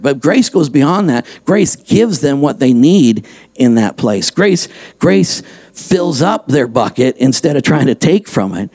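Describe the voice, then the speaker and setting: High, gravelly man preaching with punch. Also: a little slow. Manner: emphatic preaching, repeats key lines, punchy and energetic. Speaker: pastor. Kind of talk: sermon. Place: church sanctuary, also streamed online.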